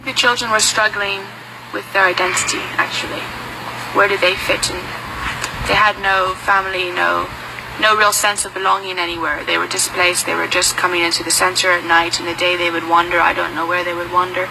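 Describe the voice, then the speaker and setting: A woman telling a folk tale as an interviewee, in a lively storytelling manner. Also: on the low side, fairly quick, vocal fry, background noise. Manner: lively storytelling, slips into character voices.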